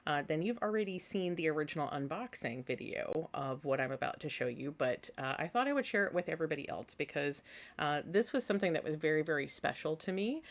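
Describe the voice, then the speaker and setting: A woman with a notably deep, low voice chats casually from home, sounding worn out after a long day of work. She wanders through her thoughts with plenty of fillers and breaks into laughter easily. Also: lively intonation. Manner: rambling, filler-heavy, quick to laugh. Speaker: craft vlogger host. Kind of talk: casual chatty vlog.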